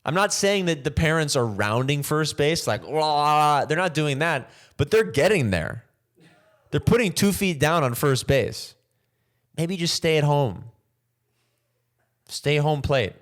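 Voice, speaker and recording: A man's voice: a little high, measured pace. A man hosting a comedy podcast, riffing jokingly and acting out little bits in other voices. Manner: animated, jokey, acts out bits in other voices. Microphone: camera mic without a boom arm.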